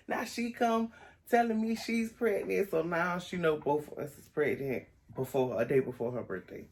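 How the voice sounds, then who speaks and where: A young woman, chatting casually on a vlog and acting out the people in her story with high, lively voices. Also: normal speed. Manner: animated storytelling, acts out quotes in high voices. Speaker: vlogger.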